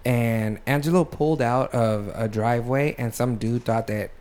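A man's voice: medium pitch, normal speed, a little mellow. A man hosting a podcast in a studio, chatting casually, swearing and laughing often. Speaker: podcast host. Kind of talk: casual chat.

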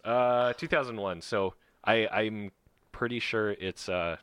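A man co-hosting a podcast in casual chat, rambling and halting with many fillers. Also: on the low side, fairly bright tone, clear, resonant tone, dry recording. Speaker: podcast co-host.

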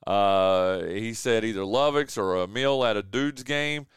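A man hosting a local sports radio show, excitable and quick to laugh, calling everyone "dude". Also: on the low side, smooth, no room sound, studio quality. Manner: excitable, laughs often, says "dude" a lot. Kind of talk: casual sports radio chat. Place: radio studio. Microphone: studio microphone.

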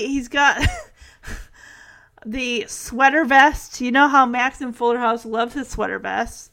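A woman in casual chat mode, walking through a TV episode scene by scene. Her voice is high and bright. She keeps throwing in sarcastic asides. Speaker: TV episode recapper.

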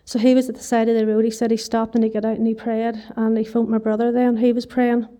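A woman's voice: on the high side, level tone, fast talker, dark tone. Earnest Northern Irish woman giving testimony. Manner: earnest storytelling with many "you know" fillers and wee. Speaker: church member giving testimony. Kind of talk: personal testimony.

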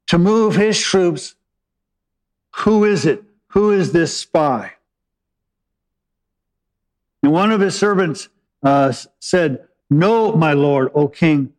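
A preacher with a voice a little high for a man delivers a sermon, retelling the old scriptural story in his own words. He slows on key phrases, pausing dramatically before stepping out to explain in asides, and the audio quality is poor.

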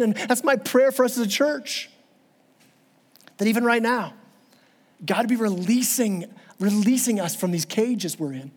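A man's voice: very high-pitched, normal speed, big-room sound. A man preaching a sermon as pastor, impassioned and repeating words as he builds his points. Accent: Southern American.

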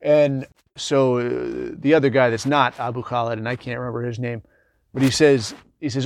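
A man's voice: mid-range voice, steady tone, normal speed, gravelly, slight background noise. Rambling middle-aged man telling war stories. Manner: rambling, digressive, conversational with lots of fillers. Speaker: military veteran storyteller. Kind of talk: casual anecdotal storytelling.

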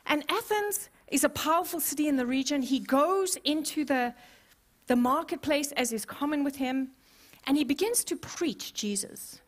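A woman pastor preaching a sermon, expressive and playful, with humorous asides to the congregation. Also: sits high, normal speed. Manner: expressive, acts out scenes.

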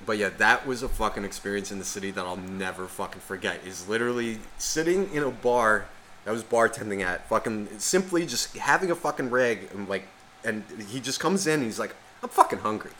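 A man's voice: lowish voice, a little fast, slight background noise, low-quality recording. Foul-mouthed man telling a story. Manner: swears constantly, animated retelling with quoted voices. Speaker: podcast co-host. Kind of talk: casual storytelling chat.

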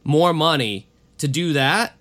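Slow-paced yet animated, this man's fairly high, fairly bright voice carries a casual true-crime podcast he co-hosts. He reads case notes and interrupts himself with offhand, profane asides.

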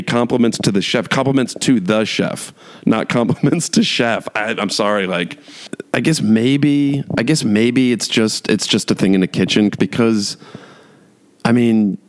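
A young man chatting casually and ranting with exasperation, full of fillers and restarts, laughing as he talks. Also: mid-range voice. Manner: rambling, lots of "like" fillers and restarts, laughs while talking; mocking, exasperated rant. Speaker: podcast host. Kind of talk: casual solo chat.

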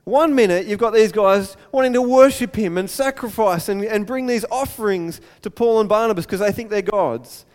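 A man preaching a sermon, telling the story with lively acted-out voices. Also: high-pitched, moderate pace, hardly any pauses. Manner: animated storytelling, acts out crowd voices. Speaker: pastor. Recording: long hall reverb.

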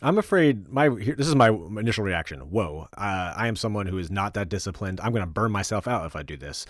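A man hosting a casual podcast conversation, with a lowish voice and easy, joking delivery. He talks loosely, full of fillers and restarts. The sound is dry and close. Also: expressive, fairly quick, dry recording. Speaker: podcast host.

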